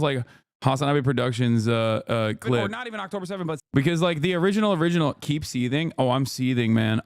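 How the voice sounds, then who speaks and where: A man's voice: fairly high pitch, clear, resonant tone, no room sound, studio quality. A man streaming live, reacting to clips with sarcastic, mock-outraged asides and rambling restarts. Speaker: political streamer.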